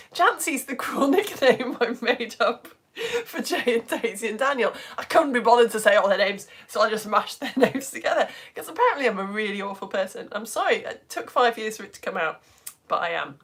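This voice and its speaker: A woman's voice: fairly high pitch, expressive, a little fast, a bit bright, breathy edge. A woman from the UK hosting a live online lesson, chatting casually with viewers in a self-mocking, giggly, rambling way. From United Kingdom.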